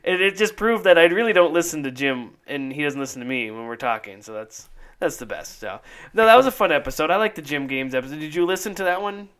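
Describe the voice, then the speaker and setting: Male podcast host, slightly higher voice, bright, chatty, laughs a lot. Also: lively intonation, fast, smooth. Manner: laughs often, rambling with fillers. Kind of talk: casual podcast chat.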